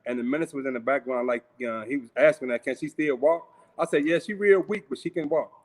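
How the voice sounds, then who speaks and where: A man's voice: on the high side, quick pace. A middle-aged man from St. Louis tells a life story in an easy, conversational tone. He stumbles and repeats words, and he acts out the voices of the people he quotes. He is heard over a video call from his home. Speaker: guest. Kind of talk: personal storytelling.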